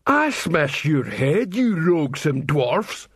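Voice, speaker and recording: A hulking, slow-witted troll, played by a male narrator, threatening in broken grammar. The words come very slowly and heavily, with a changed timbre. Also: a little high, big pitch swings, a bit bright, slightly rough, no echo, studio quality, pitched above the performer's own voice, exaggerated voice.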